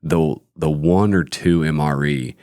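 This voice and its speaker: A man hosting a relaxed podcast chat, joking with crude humor. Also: rumbling low, unhurried, dry recording, clean studio sound. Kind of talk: casual chat.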